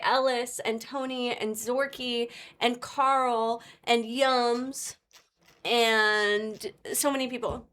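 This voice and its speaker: A woman livestreamer chatting casually and excitably with her viewers, calling out names and swearing freely. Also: a little high. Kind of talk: casual live-stream chat. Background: faint background music.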